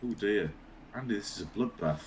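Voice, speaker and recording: Lowish sweary man commentating. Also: lively intonation, brisk, a little mellow, slight background noise. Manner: chatty, sweary, joking. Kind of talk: casual livestream commentary.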